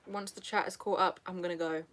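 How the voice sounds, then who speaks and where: A woman's voice: fairly low pitch, fairly even intonation, fairly quick, a bit bright. Giggly young British woman livestreaming. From England. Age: young adult. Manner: giggly, chatty, self-deprecating, reading chat. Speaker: YouTuber live streaming. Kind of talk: casual live stream chat. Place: at home on a sofa.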